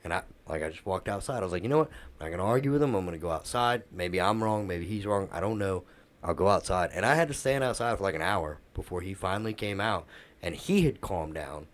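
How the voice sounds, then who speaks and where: A man's voice: low voice, animated, fast talker. A middle-aged man, a podcast co-host, telling a workplace story in casual chat and acting out the quoted dialogue.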